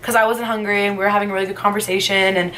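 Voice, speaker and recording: A woman's voice: medium pitch, level tone, rapid-fire, bright, forceful tone, a little hiss or hum. A young woman vlogger telling a storytime tale in a chatty way, full of "like" fillers and casual swearing. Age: young adult. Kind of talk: storytime vlog.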